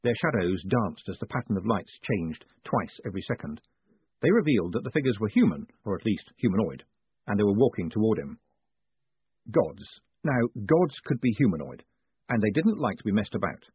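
A male audiobook narrator with a very husky, breathy voice and a lively, swooping delivery. The recording is thin and phone-like, and dry with no room sound. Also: lowish voice, brisk, no echo. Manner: lively, expressive storytelling. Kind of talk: scripted narration.

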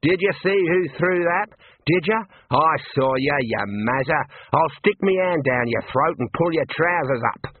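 A man's voice: mid-range voice, fairly even intonation, unhurried, hardly any pauses, no echo, natural voice. A man voicing a brash, hot-tempered woman in an evening dress who swears and picks fights, over a tinny, phone-like recording. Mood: outraged. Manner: loud, scrappy, foul-mouthed.

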